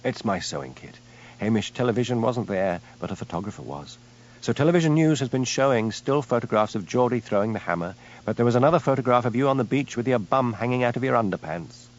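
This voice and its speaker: A man voicing a brisk, teasing, practical young woman, on a dull lo-fi recording. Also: mid-range voice, expressive, lightly acted.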